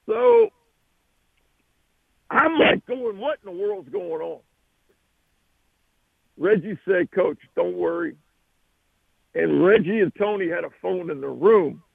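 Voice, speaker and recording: A man, a football coach, telling an animated recruiting story as a radio guest. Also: high voice, slow pace, creaky, long pauses, slightly rough, no room sound, narrow, tinny audio. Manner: animated, acts out the voices.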